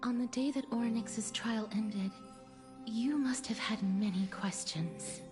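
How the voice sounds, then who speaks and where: Cursed girl in whispered role-play, breathy and resigned, kinda high, long echo tail, music under it. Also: measured pace. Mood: sorrowful. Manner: soft, mournful, resigned. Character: sorrowful young woman cursed with a deadly touch. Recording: long game reverb with music beneath.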